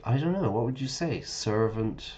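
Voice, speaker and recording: A man's voice: mid-range voice, lively intonation, normal speed, a little mellow. A man teaching English while streaming a game, chatting casually, correcting himself and explaining words as he goes.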